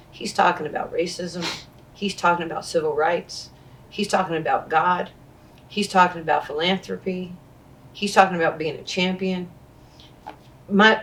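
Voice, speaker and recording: A woman, telling animated stories and acting out what people said. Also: on the low side, distant mic. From Queens, New York. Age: 60s. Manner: animated storyteller who acts out quoted dialogue. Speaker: interview guest, former basketball player. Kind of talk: storytelling in conversation.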